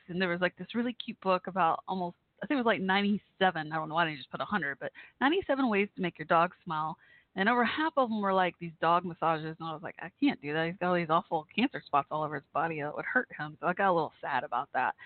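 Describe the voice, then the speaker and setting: A woman's voice: medium pitch, no echo. Texas woman, call-in host, rambling casual chat, dry tinny phone sound. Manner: rambling, chatty, laughs often. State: worried, holding back tears.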